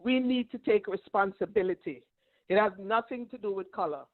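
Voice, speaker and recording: A male caller with a high voice speaks over a dry, tinny phone line. He is blunt and insistent and drives the same point home again and again. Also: expressive, fairly quick, no echo. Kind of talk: call-in radio opinion.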